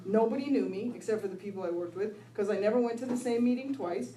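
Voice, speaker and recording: A woman's voice: medium pitch, fast talker. A middle-aged woman telling her recovery story to an audience, laughing often and asking "right?" as she goes. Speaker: recovery speaker. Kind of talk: personal recovery talk to an audience. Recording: echoey room, voice from far off.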